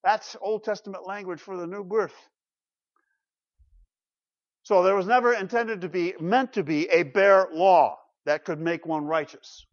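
A man preaching a sermon with dramatic rhetorical questions, swinging from loud to quiet. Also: high voice, fairly even intonation, unhurried. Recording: dull lo-fi recording.

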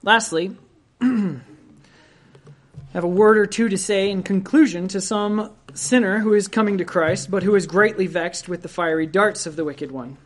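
Slow, earnest preacher delivering a sermon. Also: mid-range voice. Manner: earnest, exhorting, addresses listeners directly.

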